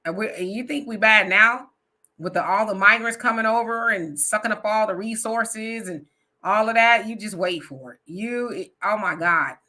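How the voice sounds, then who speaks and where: A woman's voice: medium pitch, moderate pace, bright, forceful tone. A woman hosting a casual live online talk show, reading viewer comments aloud, frank and laughing often.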